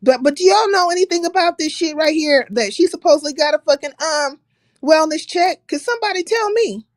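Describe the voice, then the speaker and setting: A woman's voice: high voice, fairly quick, dry recording. A woman hosting a livestream, casually reading out another creator's words and rebutting them with blunt, profane sarcasm. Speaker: livestream host.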